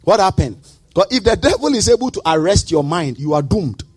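A male pastor preaching a sermon in a rhythmic, sing-song way, breaking into emphatic shouts. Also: sits high, big pitch swings, fairly quick, breathy edge, dry recording.

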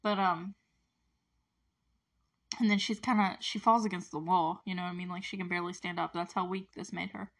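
A woman casually recapping a TV episode, chatty and animated, with lots of fillers and asides. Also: fairly low pitch, a little fast, long pauses. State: close to tears at moments. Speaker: show recap host.

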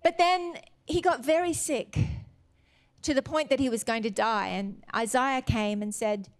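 High-voiced woman preaching a sermon. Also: unhurried. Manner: retells scripture with acted quotes, earnest and exhorting.

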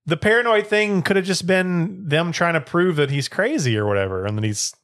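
A man's voice: sits high, animated, fairly quick, fairly bright tone. A man casually telling a story on a podcast, padding his sentences with "like" and "or whatever". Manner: rambling storytelling, full of "like" and "or whatever". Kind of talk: casual chat.

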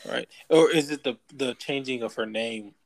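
Casual co-host, male, gravelly, rambling questions full of fillers. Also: medium pitch, normal speed, rough recording. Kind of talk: casual chat.

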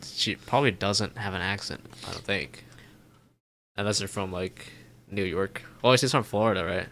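A man's voice: sits low, moderate pace, a bit bright, slight background noise. An American man chatting casually on a livestream, swearing and laughing a lot. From United States. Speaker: streamer. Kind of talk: casual chat.

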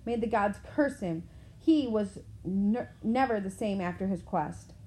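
A woman voicing a blunt, sharp-tongued young girl. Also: medium pitch, measured pace, a little hiss or hum, lightly acted. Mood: terse.

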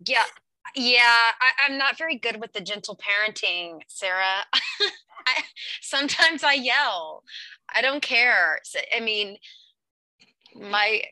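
A woman's voice: medium pitch, pushed and bright, dry recording, low-quality recording. A woman and mother talking candidly about parenting, venting with frequent laughs. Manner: candid, laughs often, quick to vent. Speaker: mother of daughters. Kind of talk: casual chat.

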